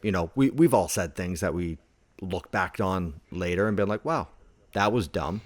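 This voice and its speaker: Low-voiced man telling stories casually. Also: moderate pace, no room sound. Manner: laid-back storytelling, heavy on filler words. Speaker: podcast co-host. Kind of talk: casual chat.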